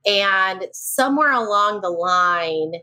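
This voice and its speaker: A woman's voice: mid-range voice, lively intonation, slow. Encouraging woman host. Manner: warm, encouraging, gushing praise. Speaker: podcast host. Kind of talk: casual interview chat.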